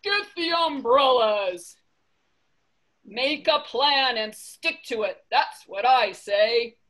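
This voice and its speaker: A woman voicing a fussy, worried male elephant who bosses and frets, with a bright, slow delivery in a storybook reading. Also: on the high side, animated, heavily acted. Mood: bossy fretful. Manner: bossy, chanting, fretful outbursts.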